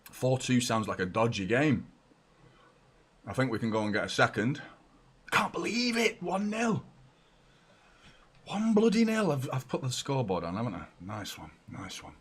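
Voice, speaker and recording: Excitable fan host at home. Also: male voice, medium pitch, normal speed, long pauses, breathy edge. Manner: excitable, chatty, swings between shouts and mutters. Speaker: football fan channel host. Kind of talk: live match watchalong commentary. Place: home room with door open and a fan.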